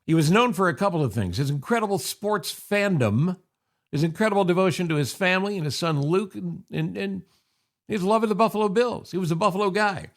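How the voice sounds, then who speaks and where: A man's voice: high-pitched, lively intonation, brisk. An older man from upstate New York hosting his podcast in a chatty, wry monologue from his office, full of sarcastic asides. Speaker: podcast host. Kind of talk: casual monologue. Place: home office.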